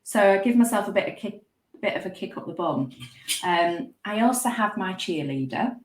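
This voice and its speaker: A woman, a guest, chatting casually and telling stories with lively, self-mocking humour. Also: mid-range voice, moderate pace, roomy sound. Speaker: guest speaker. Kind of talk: casual conversational chat.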